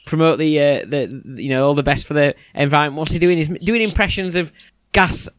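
Bloke stumbling thru the news, bit unsure, dry sound. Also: male voice, a little high, a little fast, clear, resonant tone, dry recording. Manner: hesitant, lots of restarts and fillers. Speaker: podcast co-host. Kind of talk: casual chat.

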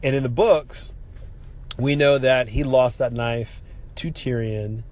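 A man's voice: medium pitch, slow. Exasperated, swearing man recapping a show. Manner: animated, exasperated, swears freely. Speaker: TV episode recapper. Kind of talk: casual spoken recap.

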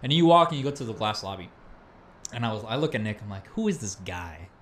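A young man hosting a relaxed conversation, loose and excitable, tossing in slang at every turn. His pitch sits in an ordinary middle range. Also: fast, a little hiss or hum. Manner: enthusiastic, slangy, full of "bro" and "dude". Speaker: host. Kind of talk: casual chat.

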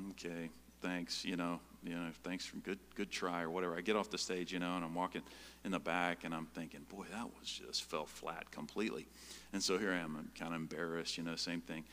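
Animated preacher man in a reverberant hall. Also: a little hiss or hum. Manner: animated storytelling, jumps high and loud when acting out scenes. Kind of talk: sermon with personal stories.

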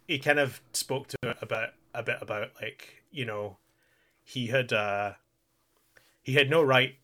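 A man's voice: on the low side, bright, forceful tone. A man co-hosting a podcast, casually recapping an anime in a chatty way with frequent laughs and restarts. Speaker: podcast co-host.

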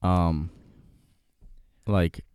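A young man rambling through a casual podcast conversation, full of fillers and restarts. His voice sits low and resonant, recorded close and dry. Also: fairly even intonation, very slow, darkish tone, smooth, no room sound.

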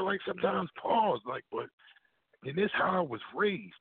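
A blunt, profane man chatting as a radio guest, acting out what people said. His voice is gravelly and husky. It comes through a dry, thin phone line. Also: fairly high pitch, lively intonation, normal speed, dry recording. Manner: blunt, profane, acts out quotes. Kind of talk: casual radio chat.

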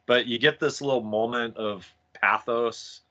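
Male podcast co-host, enthusiastic, bright forceful timbre, muffled lo-fi recording. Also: mid-range voice, fairly even intonation, measured pace. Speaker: podcast co-host discussing comics. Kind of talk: casual chat. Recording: dull lo-fi mic.

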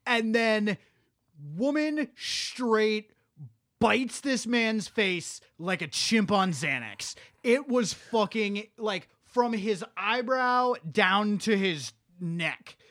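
High-voiced young man recapping a movie. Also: extremely slow, a bit bright, no room sound, clean studio sound. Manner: rambling, profane, restarts a lot while storytelling. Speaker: podcast co-host. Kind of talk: casual chat retelling a horror movie.

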